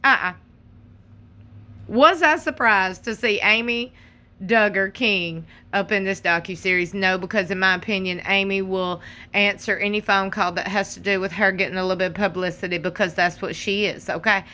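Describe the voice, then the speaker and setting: A woman's voice: mid-range voice, fairly even intonation, normal speed, bright, forceful tone. A young adult woman giving casual, sassy reaction commentary and talking straight to her viewers. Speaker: commentary channel host.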